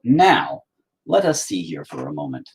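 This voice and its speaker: A man's voice: low voice, huge pitch swings, unhurried, slightly rough. A man chatting casually as he paints, rambling, swearing and joking at his own expense. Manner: rambling, profane, self-mocking. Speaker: painting vlogger. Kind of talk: casual chat while painting.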